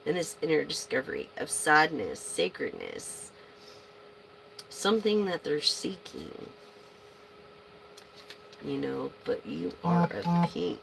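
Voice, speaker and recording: Woman doing tarot readings, lowish gravelly voice, super chatty, swears, gets loud and excited. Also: takes it slowly, pauses often, a little hiss or hum, rough recording. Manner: chatty, excitable, bursts into shouting; swears casually. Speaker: tarot reader. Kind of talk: casual tarot reading to viewers.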